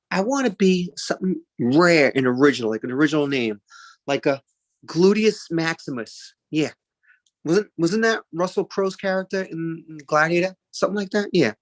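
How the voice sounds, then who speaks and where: A man in his forties with an Italian-American background does a rambling, chatty stand-up routine packed with fillers and asides. His voice is fairly high, with no echo.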